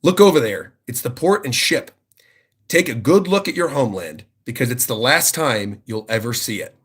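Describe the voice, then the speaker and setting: A man reading the lines of a male villain who taunts captive children, in a slow, mocking voice. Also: medium pitch, lively intonation, breathy edge, voice pushed down. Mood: gloating.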